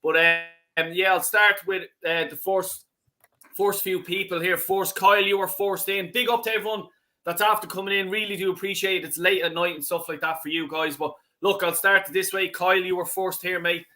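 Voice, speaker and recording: A man's voice: high-pitched, steady tone, moderate pace, sharp tone. A man hosting a fan reaction livestream, ranting angrily and swearing as he repeats himself. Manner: angry, sweary, repetitive ranting. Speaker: fan channel host.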